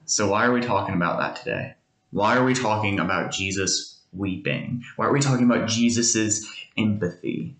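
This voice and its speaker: A man's voice: lowish voice, normal speed, a bit bright. Conversational man teaching in a roomy space. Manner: conversational, earnest, explains with everyday examples. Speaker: pastor giving a video devotional. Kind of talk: devotional teaching. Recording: roomy echo.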